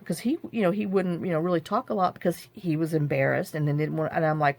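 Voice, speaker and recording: Venting woman, slightly low voice. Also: expressive, brisk, vocal fry, few pauses, a little mellow. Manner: venting, frustrated, many restarts. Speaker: journaling crafter. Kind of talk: casual rambling chat. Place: home craft table.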